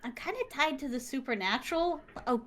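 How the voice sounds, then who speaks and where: Woman, high voice, excitable, dramatic storyteller, interview guest. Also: brisk. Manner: excitable, dramatic, laughs often. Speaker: guest, content creator. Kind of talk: animated storytelling.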